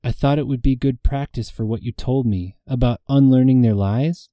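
A man voicing a starved young female novice witch who speaks in a soft, soothing monotone. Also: mid-range voice, moderate pace, dry recording, studio quality, close to an everyday voice.

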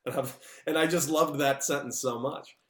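A man, a former baseball player, telling lively stories as a podcast guest over a remote call. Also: a little high, normal speed, reverberant. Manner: animated, lively storyteller with big outbursts. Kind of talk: casual storytelling.

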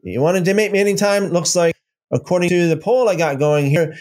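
A man's voice: high-pitched, fairly quick, a little mellow. A man hosting a casual livestream, rambling and taunting, repeating himself as he reads viewer comments. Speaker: livestream host.

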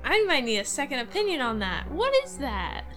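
A woman doing a scrappy little adventurer, poor eyesight, playful, bright higher voice, quick talker, faint music behind. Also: very animated. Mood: scheming.

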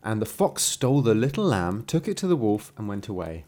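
A man's voice: fairly low pitch, big pitch swings, brisk, dark tone. A man casually reading a fairy tale aloud with playful asides. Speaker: storyteller.

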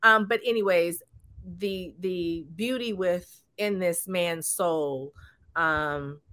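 A woman hosting an interview, effusive and halting as she introduces her guest, laughing often. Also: lowish voice. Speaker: host.

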